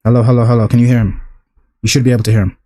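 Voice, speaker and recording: A man's voice: medium pitch, level tone, very fast, dark tone. A man hosting a live stream, ranting in exasperation and swearing as he talks with a guest. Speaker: streamer host. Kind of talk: casual live-stream chat.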